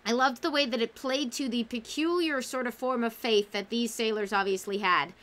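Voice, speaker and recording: A woman's voice: a little high, normal speed, a bit bright. A woman hosting a casual livestream book club, talking enthusiastically and reading out chat comments.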